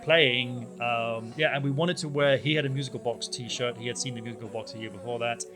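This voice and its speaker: Male podcast co-host, mid pitch, loose animated storyteller, faint music bed. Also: brisk. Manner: rambling, animated storytelling with many fillers. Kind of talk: casual chat. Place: small town in Spain.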